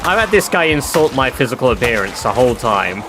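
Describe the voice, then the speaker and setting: A man chatting on a game stream, telling a story in an animated, swearing manner. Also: mid-range voice, fairly quick, background noise. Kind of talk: casual livestream chat. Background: game music.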